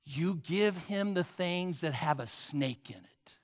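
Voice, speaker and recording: A man's voice: on the high side, animated, takes it slowly, big-room sound. A man preaching a sermon as pastor, emphatic and urging his listeners to write points down.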